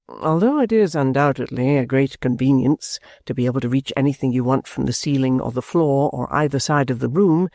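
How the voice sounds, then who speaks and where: A man voicing an earnest young dramatist who speaks in a measured way. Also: mid-range voice, dark tone, dry recording, clean studio sound, close to an everyday voice.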